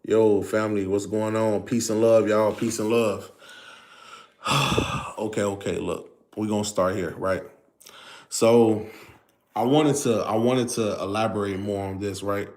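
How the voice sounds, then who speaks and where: A man's voice: on the low side, fairly even intonation, measured pace, a little mellow. Laid-back man hosting a livestream. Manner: loose, repetitive greetings to viewers, filler-heavy. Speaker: livestream host. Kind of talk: casual livestream talk.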